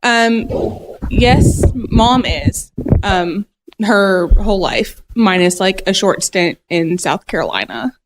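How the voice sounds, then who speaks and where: A woman's voice: medium pitch, animated, slow pace, background noise. A woman from Buffalo, New York, a podcast guest, answering in a friendly, hesitant way with many ums. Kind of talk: casual interview.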